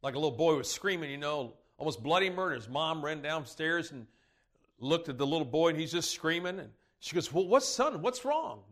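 A man's voice: on the high side, fairly quick, fairly bright tone. A man preaching, telling rambling folksy stories and laughing along at them. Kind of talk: sermon storytelling.

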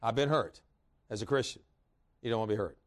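During a church sermon, a man animatedly tells folksy stories about himself, laughing in bursts along the way. He has a mid-range voice and talks fast.

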